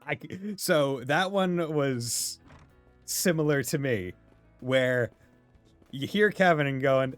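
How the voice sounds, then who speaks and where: A man's voice: medium pitch, slow pace, dry recording, soft background music. A man from Massachusetts with a Massachusetts accent, chatting casually and rambling as he streams a game, laughing often. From Massachusetts, USA. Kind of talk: casual chat while playing a game.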